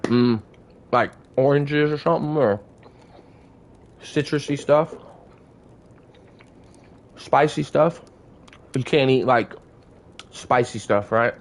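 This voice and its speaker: A game streamer with a medium-pitched voice talks loosely to his live chat, telling a story as he would to friends. He swears freely and drifts between thoughts, speaking slowly with frequent pauses in a relaxed, conversational way.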